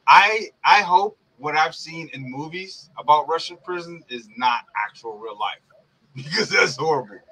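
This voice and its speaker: A man's voice: on the high side, lively intonation, moderate pace, pushed and bright, a little hiss or hum, poor audio. A young man co-hosting a casual sports podcast, heated and profane, ranting and laughing as he talks. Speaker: podcast co-host.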